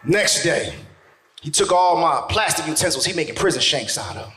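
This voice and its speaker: A man doing stand-up comedy, telling a story to a live crowd, loud and animated, jumping into shouted character voices. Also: fairly high pitch, normal speed. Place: stage in a theater. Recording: echoey theater with faint noise.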